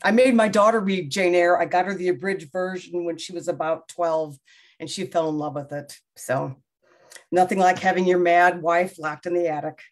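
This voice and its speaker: A woman's voice: fairly low pitch, fairly even intonation, normal speed. A middle-aged woman novelist in a casual interview, talking in a rambling, self-deprecating way with many restarts. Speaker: debut novelist being interviewed.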